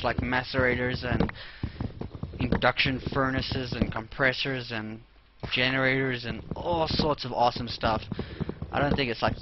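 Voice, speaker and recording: Young man, casual game commentary, rambling, dull lo-fi mic, steady hiss behind. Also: mid-range voice. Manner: rambling, talks to himself while playing. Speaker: let's play host. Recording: dull lo-fi mic with clear noise.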